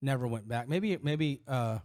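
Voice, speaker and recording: A man's voice: mid-range voice, animated, measured pace, darkish tone. A middle-aged man co-hosting a podcast, telling personal stories in a candid, rambling way full of restarts and fillers. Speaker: podcast co-host. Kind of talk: casual chat.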